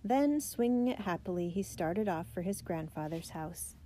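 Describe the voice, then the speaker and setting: Mellow woman reading a storybook aloud. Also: on the low side, animated, normal speed, slight background noise. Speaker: narrator. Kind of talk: reading a children's biography aloud.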